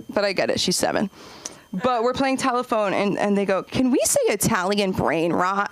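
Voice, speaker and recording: A woman doing a stand-up comedy set, chatty and rambling, jumping her voice up high whenever she acts out a quote. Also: lively intonation, normal speed, dry recording. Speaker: stand-up comic and open mic host. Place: comedy club stage.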